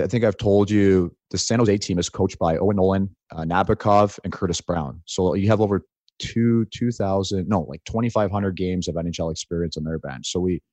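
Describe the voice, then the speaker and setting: A man's voice: deep voice, a little mellow, dry recording. A man in his forties co-hosting a podcast in casual, joking chat, telling stories and tagging lines with "right?". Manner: joking, storytelling, says "like" and "right?" often. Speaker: podcast co-host.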